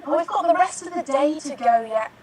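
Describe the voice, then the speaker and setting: A woman's voice: sits high, expressive, a little fast, darkish tone, distant mic, a little hiss or hum. A woman voicing a chiding, encouraging nail technician in an online improv scene. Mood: bossy. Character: bossy upbeat female nail technician.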